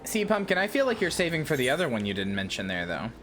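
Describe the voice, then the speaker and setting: A chatty woman streaming a game who teases her viewers. Her voice bounces around lively in pitch. Faint game music plays in the background. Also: fast talker. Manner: chatty, teasing viewers by name. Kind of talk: casual game-stream chat.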